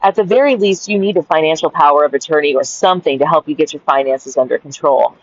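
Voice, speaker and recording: A woman's voice: low voice, quick pace, no room sound, highs cut off. A woman and caregiver reading her journal aloud and ranting in a blunt, profane, exasperated way.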